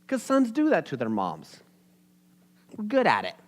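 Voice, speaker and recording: A young man, a pastor, preaching in a conversational, animated way. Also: high voice, a little slow. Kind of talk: sermon.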